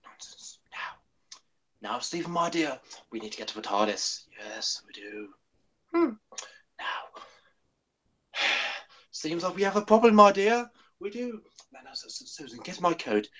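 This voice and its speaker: A crotchety old grandfatherly time traveller, put on by a man fusses and hums, stammering over names. His voice swings between whispers and sharp rises, in a lively, slightly high pitch. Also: measured pace, pauses often. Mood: fussy. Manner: fussy, hums and stammers, says "my dear". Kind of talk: playful impression on a livestream.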